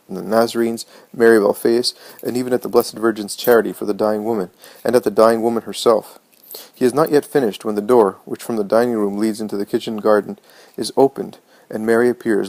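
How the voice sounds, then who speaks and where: A man reading a religious book aloud in measured, steady scripted narration. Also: on the low side, vocal fry, no room sound, rough recording. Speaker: audiobook reader.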